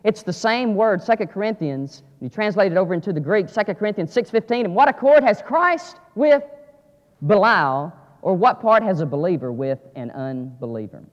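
Fiery preacher in reverberant church. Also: male voice, lively intonation, normal speed. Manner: swings from low asides to shouted climaxes. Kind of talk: sermon. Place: church sanctuary. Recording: lo-fi audio with long church reverb.

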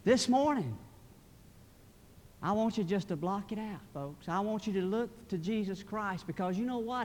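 A man's voice: sits high, a little slow, darkish tone, big-room sound. A man, a college president giving a sermon, earnest and building to fervent emphasis. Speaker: college president, guest preacher.

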